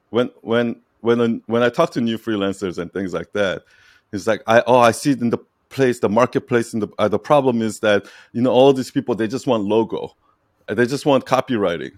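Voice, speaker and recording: A low-pitched man coaching a client in a relaxed, emphatic way. He repeats his points, keeps asking "right?" and laughs now and then. The sound is dry and close. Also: dry recording. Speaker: brand strategy coach. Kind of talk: casual coaching session.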